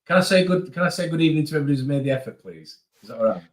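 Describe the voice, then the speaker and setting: A man hosting a casual live stream, chatting quickly and greeting viewers by name. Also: a little high, expressive. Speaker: host.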